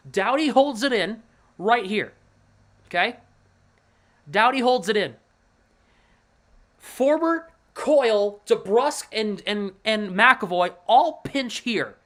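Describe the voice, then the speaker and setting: A hockey fan hosting a livestream breaks down plays in a fairly bright, mid-range voice, pointing on screen to walk viewers through them. Then he vents to chat, frustrated, fed up, and emphatic, ranting through his casual game commentary.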